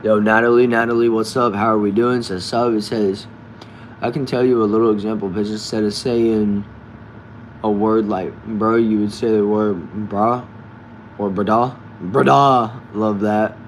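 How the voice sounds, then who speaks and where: Low-voiced man chatting from a shed. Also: moderate pace, a little hiss or hum. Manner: relaxed, reads comments aloud and answers. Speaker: livestream host reading chat. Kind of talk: casual live chat. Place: backyard shed.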